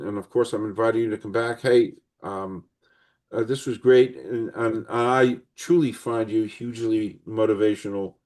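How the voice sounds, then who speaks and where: A man's voice: lowish voice, darkish tone. An older man hosting an interview, telling a long personal story in an earnest, rambling way. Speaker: podcast host.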